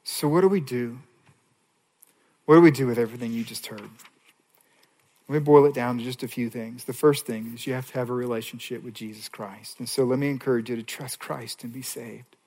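A pastor preaching an earnest sermon, rising to loud, high passages and dropping to a soft near-whisper on key lines. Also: male voice, fairly even intonation, brisk. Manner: earnest preaching with dramatic swings in pitch and volume.

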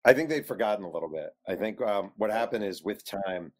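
A man's voice: fairly low pitch, animated, brisk, a little mellow. A man, an author guest, telling a story in an interview and acting out the quotes.

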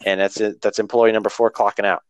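A man's voice: fairly low pitch, level tone, fast talker. A man in casual podcast conversation, an earnest and rambling storyteller talking through his running training. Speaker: runner talking about training.

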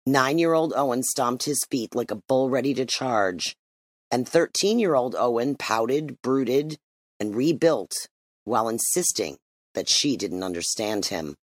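A narrator reading a literary story aloud in an expressive, measured way. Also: medium pitch, no room sound. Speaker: audiobook narrator.

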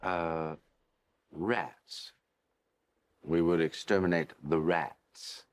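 An actor playing a nervous hotel manager who stumbles and corrects himself. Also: male voice, deep voice, fairly even intonation, extremely slow, a little hiss or hum. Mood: flustered.

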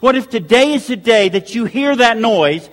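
A man's voice: very high voice, lively intonation, moderate pace. A man preaching a sermon to his church, pleading with the congregation and repeating urgent questions. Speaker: pastor. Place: church sanctuary. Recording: long hall reverb.

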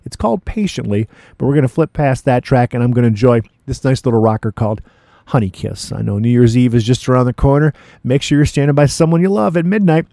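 Laid-back male radio DJ, dark dry voice. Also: mid-range voice, gravelly, no room sound. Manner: laid-back and chatty, with frequent "uh" and "you know". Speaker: radio DJ host. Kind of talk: casual radio DJ patter between records.

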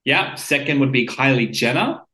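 Bright-voiced man, joking. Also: mid-range voice, lively intonation, normal speed, roomy sound, poor audio. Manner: joking, storytelling, self-assured. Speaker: podcast co-host. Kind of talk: casual chat.

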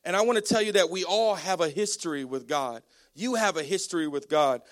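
A man preaching a sermon as a pastor, energetic and storytelling, with many restarts. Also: a little high, fairly quick.

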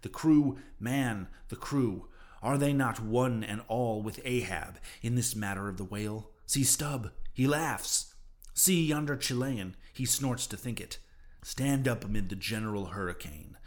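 A man's voice: mid-range voice, unhurried, lightly acted. A man voicing an obsessed, vengeful old male sea captain in a fervent, declaiming way. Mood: persuasive.

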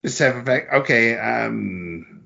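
A man guessing in a casual quiz, hesitant and thinking aloud with many pauses. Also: medium pitch, expressive, gravelly, sharp tone, lo-fi sound. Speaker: quiz contestant.

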